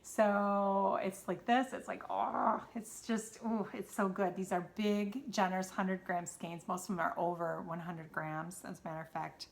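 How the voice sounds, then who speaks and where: A woman's voice: medium pitch, fairly even intonation, moderate pace, few pauses. A woman with a Wisconsin accent, hosting a knitting podcast and chatting casually about yarn and her projects, rambling with lots of ums and restarts. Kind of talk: casual show-and-tell chat.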